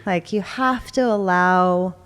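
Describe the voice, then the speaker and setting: A woman's voice: fairly low pitch, takes it slowly, clear, resonant tone. A tired woman co-hosting a relationship podcast, speaking candidly and joking at times. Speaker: podcast co-host. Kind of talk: casual chat. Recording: long hall reverb.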